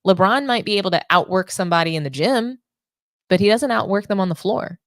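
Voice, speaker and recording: A woman's voice: medium pitch, animated, brisk, fairly bright tone, no room sound, clean studio sound. A young adult woman hosting a sports show, delivering opinionated commentary with indignant, sarcastic rhetorical questions.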